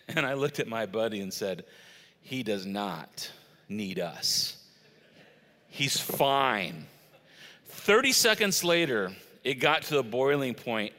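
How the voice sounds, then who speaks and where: A man's voice: mid-range voice, bright, forceful tone. A middle-aged man preaching a sermon, telling stories conversationally with emphatic stresses. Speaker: pastor. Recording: long reverb of a large church hall.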